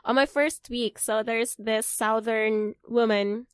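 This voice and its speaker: A woman's voice: on the high side, slow pace, clean tone, dry recording, studio quality. A young woman from the Philippines, chatting as an interview guest and laughing often. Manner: giggly, animated, laughs often. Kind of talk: casual interview chat.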